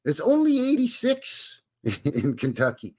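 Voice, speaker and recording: Folksy Canadian man with a lively voice. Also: on the high side, measured pace, husky. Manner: jokey and folksy, greeting chat by name. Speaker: livestream host. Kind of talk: casual live-stream chat.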